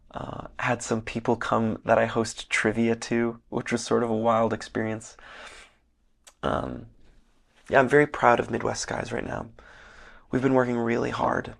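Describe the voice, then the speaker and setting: A young man from Northern Michigan hosting a casual solo podcast, rambling earnestly with many fillers, his voice hoarse and worn. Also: medium pitch, monotone, unhurried, pauses often. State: losing his voice, slightly hoarse. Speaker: podcast host. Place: hotel room.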